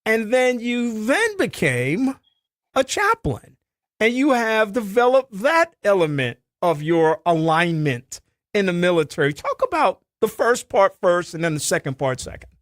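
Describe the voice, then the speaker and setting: A man hosting a radio interview, asking long, measured questions. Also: high-pitched, sing-song, fairly bright tone, no echo, clean studio sound. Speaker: radio show host.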